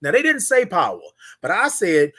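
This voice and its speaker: A man's voice: high voice, big pitch swings, moderate pace, a bit bright. Man preaching self-worth on a morning show. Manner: preachy, hype, talks straight to listeners by name; repeats words and phrases for emphasis. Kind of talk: motivational morning talk.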